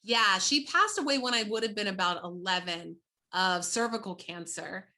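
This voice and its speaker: An American woman tells her personal story in conversation as an interview guest. Her voice is bright and clear, and her delivery is animated and heartfelt. She often breaks off and restarts her sentences as she goes. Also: mid-range voice, normal speed. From United States.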